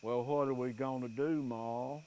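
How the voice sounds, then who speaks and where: A man voicing an old country husband who talks out of the side of his crooked mouth, slow and drawling. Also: mid-range voice, steady tone, mellow, natural voice. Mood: puzzled.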